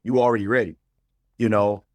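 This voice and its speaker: A man's voice: on the low side, steady tone, fairly quick, no echo. A man, an actor, answering as an interview guest, speaking earnestly and repeating phrases as he gives advice. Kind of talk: casual interview chat.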